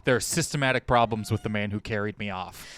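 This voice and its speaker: A man's voice: on the low side, fast, fairly bright tone. A man hosting a comedy podcast, chatting casually with wry, joking asides. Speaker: podcast host.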